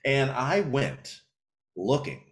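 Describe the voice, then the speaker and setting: Animated, slightly tipsy podcast host. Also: male voice, mid-range voice, takes it slowly. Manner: animated, profane storytelling. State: a little tipsy and slurring. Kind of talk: casual podcast chat.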